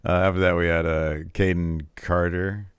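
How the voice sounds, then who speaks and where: A man's voice: low-pitched, normal speed, clear, resonant tone, dry recording, clean studio sound. A man co-hosting a podcast, recapping a wrestling show in casual chat and animatedly acting out what people said. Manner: animated storytelling, acts out quotes. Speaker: podcast co-host.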